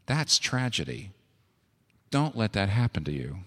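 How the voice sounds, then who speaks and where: Male preacher, low voice, earnest sermon building to urgent appeals, long church reverb. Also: sing-song, measured pace. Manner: earnest, rising to urgent exhortation.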